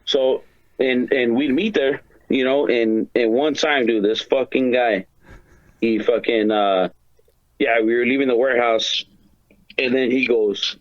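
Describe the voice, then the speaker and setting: A man sits in as a podcast guest and tells loose, rambling stories packed with slang, swearing and fillers. His voice sits at an ordinary pitch. The sound is dry and a little dull, like a lo-fi mic. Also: measured pace, no room sound. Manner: profane slang-heavy storytelling, many fillers. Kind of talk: casual chat.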